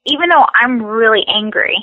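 A woman coaching a tapping session, speaking slow, repetitive scripted phrases. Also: on the high side, lively intonation, dry recording, phone-quality sound.

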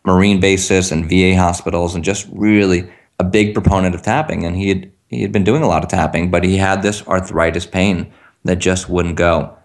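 A man with a very low voice coaches listeners on a call. He talks earnestly and acts out the sentences they could repeat. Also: darkish tone. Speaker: tapping practitioner, guest on a call. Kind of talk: teaching talk on a call.

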